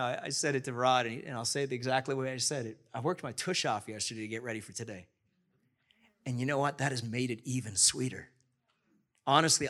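A man's voice: medium pitch, bright, forceful tone. A man preaching a sermon as pastor, enthusiastic and rambling, often restarting his sentences.

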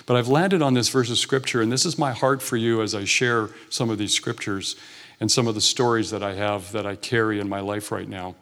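Speaking a little fast in a lowish, somewhat bright voice, a guest preacher delivers an earnest, informal sermon in a church sanctuary. His delivery is conversational, with frequent sentence restarts.

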